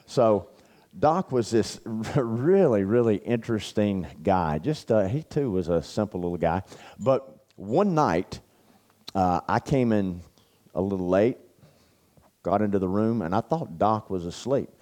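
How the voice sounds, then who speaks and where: A man's voice: lowish voice, expressive, a little slow, warm tone. A man speaking at a men's church camp, telling stories in a folksy, anecdotal sermon with lots of fillers. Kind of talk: storytelling sermon.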